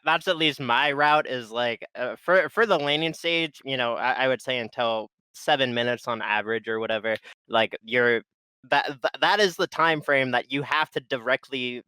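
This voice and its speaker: A man co-hosting a casual gaming podcast, speaking haltingly with many restarts and frequent laughs. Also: mid-range voice, sharp tone, clear, resonant tone, no echo.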